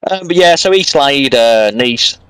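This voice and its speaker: In a dry recording, a male podcast co-host meanders through a casual recap of a wrestling show, filling gaps with lots of fillers. He has a medium-pitched, slightly bright voice that sounds clear and resonant.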